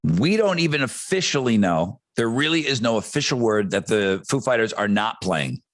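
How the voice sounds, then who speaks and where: A middle-aged man co-hosting a podcast, laying out his points step by step in a measured way. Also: medium pitch, sing-song, no echo. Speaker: podcast co-host. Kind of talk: casual podcast chat.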